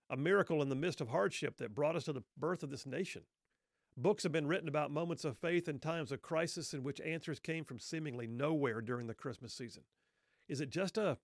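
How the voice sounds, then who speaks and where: Guy telling a story, earnest and reflective, a bit gravelly, dead dry recording. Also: on the high side, no echo.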